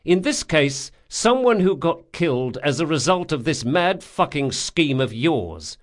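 Brash male thief, profane and quick to anger, read by a man in an audiobook, lively rising delivery. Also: on the high side, voice pushed up. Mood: grim. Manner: swearing, urgent and emphatic.

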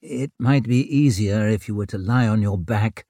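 Unflappable surgeon, read by the male narrator: low, quiet, monotone murmur. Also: normal speed, dry recording, clean studio sound. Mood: bland. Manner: murmuring, flat drone. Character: calm bland male surgeon.

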